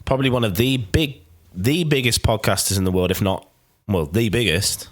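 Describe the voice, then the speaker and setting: A man's voice: fairly low pitch, moderate pace. A man hosting a podcast, chatting casually and rambling with many restarts. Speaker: podcast host. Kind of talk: casual chat.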